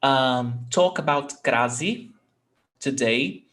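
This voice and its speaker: Slow-paced man. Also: medium pitch, a bit bright, rough recording. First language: Portuguese. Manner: patient, repeats sounds slowly and checks in with "okay?". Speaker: Portuguese teacher. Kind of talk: online language lesson.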